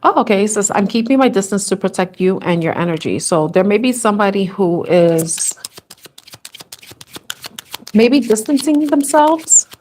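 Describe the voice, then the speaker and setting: A woman's voice: medium pitch, expressive, moderate pace, a little mellow, slight background noise. Tender woman giving a tarot reading. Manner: tender, rambling, moved to tears at times. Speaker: tarot reader. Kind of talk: live tarot reading to camera.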